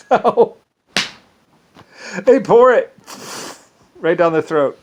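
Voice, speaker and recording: A man's voice: high voice, animated, slow, pauses often, muffled recording, slight background noise. A man talking in a rambling, casual monologue, often restarting sentences and slipping into quoted asides. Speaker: vlogger.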